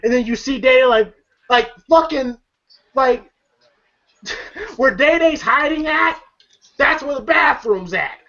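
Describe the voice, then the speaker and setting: Male reviewer, high voice, rambling and profane, laughs a lot; muffled lo-fi sound. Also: expressive, slow pace, pauses often, bright, forceful tone. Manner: rambling, laughing, swears freely. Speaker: movie reviewer. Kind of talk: casual movie recap.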